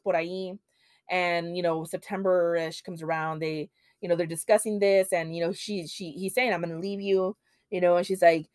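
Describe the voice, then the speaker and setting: A woman's voice: lowish voice, darkish tone, no room sound, studio quality. A woman hosting a podcast and retelling a true crime case in a casual, chatty way, full of fillers and bits of Spanish. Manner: chatty, many fillers, drops Spanish phrases; acts out quoted lines in a heated voice. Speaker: podcast host.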